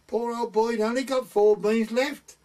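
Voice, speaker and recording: Old man putting on a shrill gossiping village woman. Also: fairly even intonation, moderate pace, a little mellow. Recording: voice from far off the mic.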